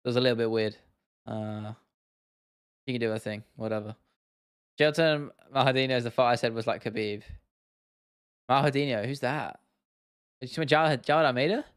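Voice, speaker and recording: A man's voice: medium pitch, clean tone, dry recording, studio quality. A man, hosting a casual livestream and chatting loosely as he answers questions from viewers. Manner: relaxed, chatty, answers chat questions with laughs. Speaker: livestream host.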